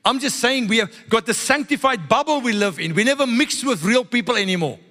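A man preaching a sermon to a congregation as pastor, animated and playful, with call-and-response asides. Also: very high voice, a little fast, in a large hall.

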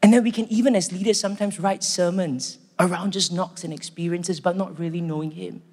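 A man's voice: sits high, steady tone, fairly quick, darkish tone. A man preaching a sermon in an earnest, conversational way. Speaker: pastor. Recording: echoey hall.

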